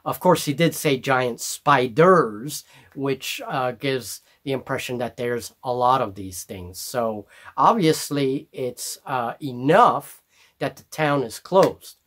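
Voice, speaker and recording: A man narrating a solo tabletop game as game master, describing the scene slowly and deliberately. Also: medium pitch, a bit bright, no room sound. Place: hobby table with miniatures.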